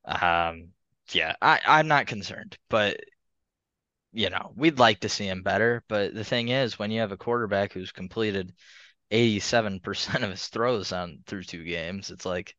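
A man's voice: lowish voice, measured pace, pushed and bright, no room sound. A man co-hosting a podcast, rambling through a casual sports chat and laughing between points. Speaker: podcast co-host. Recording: slightly muffled lo-fi audio.

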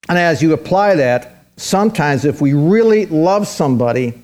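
A male pastor preaching an animated sermon, acting out the voices of biblical figures as he retells their stories. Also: a little high, normal speed. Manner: animated preaching, voicing biblical characters in quotes.

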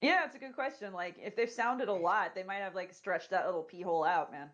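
A woman's voice: medium pitch, brisk, fairly bright tone. A woman co-hosting a podcast in casual chat, crude and joking. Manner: crude, joking, laughs often. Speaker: podcast co-host. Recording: dull lo-fi audio.

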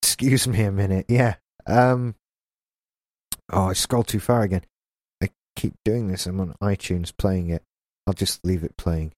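A man's voice: sits low, steady tone, moderate pace, darkish tone, dry recording. Jokey man, dry close sound. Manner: jokey, rambling riffs. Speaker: podcast co-host. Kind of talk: casual chat.

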